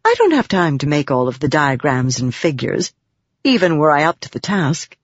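A woman reading an audiobook voices a poised noblewoman who patiently explains things, low and lively, in a dry, slightly muffled recording. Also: dry recording. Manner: gracious, measured, explaining patiently. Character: poised noblewoman patron of scholars.

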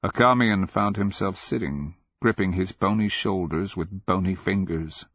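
Slow, deep-voiced male audiobook narrator. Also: fairly bright tone, slightly rough, no room sound, highs cut off. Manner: measured, grave storytelling.

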